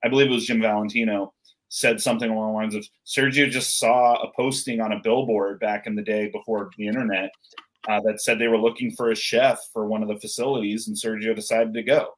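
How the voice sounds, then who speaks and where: A man's voice: lowish voice, steady tone, brisk, rough recording. A man hosting a casual chat, rambling with many fillers.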